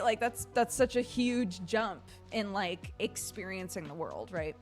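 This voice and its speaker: Lively woman streamer chatting. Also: mid-range voice, normal speed, faint music behind. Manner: animated, laughing storytelling with frequent fillers. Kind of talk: casual chat with viewers.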